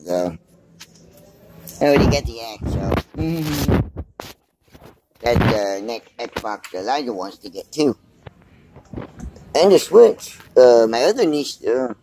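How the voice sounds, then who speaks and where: Brief: male vlogger, slow unhurried delivery, mid-pitched voice, rambling and thinking out loud while recording on his phone inside a store. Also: low-quality recording. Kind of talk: casual walk-and-talk vlog. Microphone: handheld phone.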